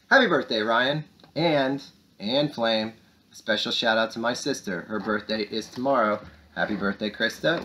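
A young man hosting a school morning show, talking to young students in an upbeat, animated way. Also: mid-range voice. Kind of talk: lively kids' morning announcements.

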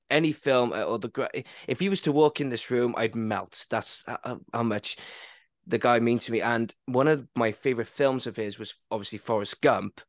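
A man hosts a relaxed interview show, spinning anecdotes and tripping over his own words as he goes. His mid-range voice sits close to the mic in a dry, deadened space. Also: medium pitch, no echo. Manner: storytelling, stumbling over words with restarts. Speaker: podcast host. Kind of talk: casual conversational interview.

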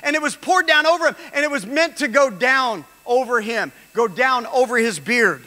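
A man preaching a sermon as pastor, emphatic and rising at times to shouts. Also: very high voice, lively intonation, normal speed. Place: church hall. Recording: long reverb of a large hall.

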